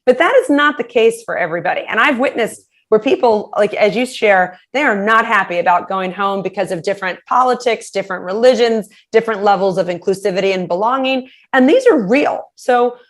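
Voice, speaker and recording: A woman's voice: medium pitch, fairly quick, few pauses. A woman giving practical communication advice as an interview guest, talking animatedly and acting out example phrases. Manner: animated, acts out quoted phrases in shifting voices.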